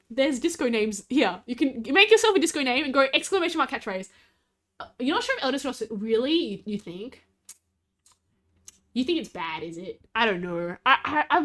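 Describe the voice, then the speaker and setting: A woman's voice: high-pitched, fairly bright tone. A woman streamer, chatting casually and bubbly with her chat. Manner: bubbly, giggly, talks to chat.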